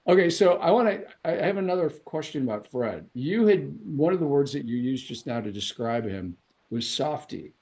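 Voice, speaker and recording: A man's voice: a little high, animated, normal speed, a little mellow. A man hosting an interview podcast, asking questions and encouraging the guest. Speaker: podcast host.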